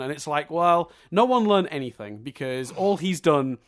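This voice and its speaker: A man's voice: mid-range voice, expressive, moderate pace. A man co-hosting a podcast, ranting about a film with swearing and mocking quoted lines. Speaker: podcast co-host. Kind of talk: casual film review chat.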